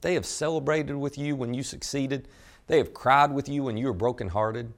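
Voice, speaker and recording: A man preaching a sermon, telling a story with animated delivery and asking listeners direct questions. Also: mid-range voice, normal speed, creaky. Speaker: pastor.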